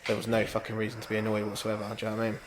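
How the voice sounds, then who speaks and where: A man's voice: fairly low pitch, completely flat delivery, racing, slight background noise. A young man, co-hosting a podcast in casual chat, ranting and swearing freely. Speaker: podcast co-host.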